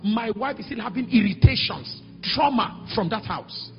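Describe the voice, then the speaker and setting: A man's voice: high voice, normal speed. Nigerian man, pastor in a big church, acts out voices, long echo and faint music behind. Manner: animated, acts out quoted voices, sudden shouts. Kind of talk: sermon with storytelling. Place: large church hall. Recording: echoey hall, dull sound, faint music.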